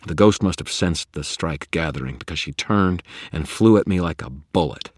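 A man narrating a first-person fantasy audiobook in a measured, dramatic way. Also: extremely low pitch, breathy edge, dry recording, studio quality.

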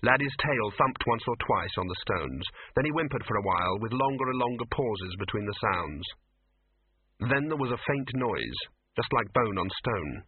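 A man reads a story aloud with animated, expressive storytelling. His voice is husky and his pitch moves a lot. The sound is dry and thin, like a phone line. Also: normal speed, no echo. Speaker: narrator. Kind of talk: audiobook reading on radio.

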